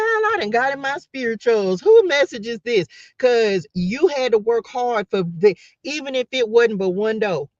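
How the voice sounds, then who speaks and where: A woman's voice: a little high, dry recording. A woman hosting a spiritual live stream, talking with passion and repeating her points as she calls out to her listeners. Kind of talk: fervent preacher-like live-stream pep talk. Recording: dull, dry lo-fi sound.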